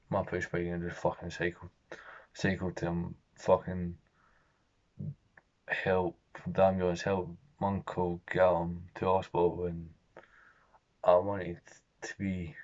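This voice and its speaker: Deep, flat, gravelly young man. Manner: halting, profane, emotionally raw. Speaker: vlogger. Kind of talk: emotional personal storytelling. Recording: dull lo-fi recording.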